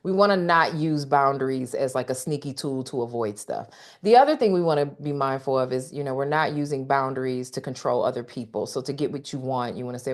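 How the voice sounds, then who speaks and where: A workshop speaker with a rumbling low voice leads a live online coaching session at a fairly quick pace. Speaking directly to her audience, she emphatically repeats key phrases and keeps checking in with "okay?"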